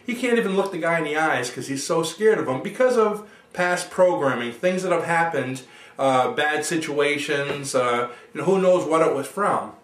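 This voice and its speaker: Picked up from a distance in an echoey room, a man with a fairly high, fairly bright voice leads his audience step by step through a self-help exercise. He's an NLP coach, speaking at normal speed with lively intonation.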